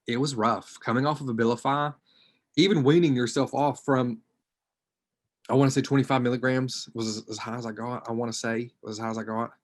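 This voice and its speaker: A man speaking as a social work student on a panel, giving personal testimony in an online group discussion. He is hesitant and reflective, and his voice often trails off quietly. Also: mid-range voice.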